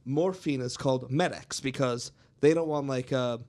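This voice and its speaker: A young man at an ordinary middle pitch rambles through stories on a casual student radio show. He stacks up fillers and restarts, then drops bits of trivia with a laugh. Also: a little slow, a little mellow. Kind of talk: casual college radio chat.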